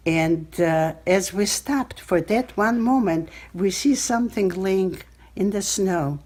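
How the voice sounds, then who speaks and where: A woman in her eighties from Belarus, telling personal stories in an interview, halting and searching for words, recorded on a cell phone. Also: medium pitch, a little mellow. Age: 80s. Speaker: Holocaust survivor interviewee.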